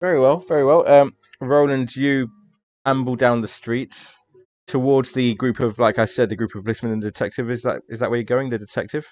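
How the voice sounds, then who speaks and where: A man's voice: mid-range voice, steady tone, a little fast, darkish tone, dull audio. A man running a tabletop horror game as game master, narrating with many hesitations.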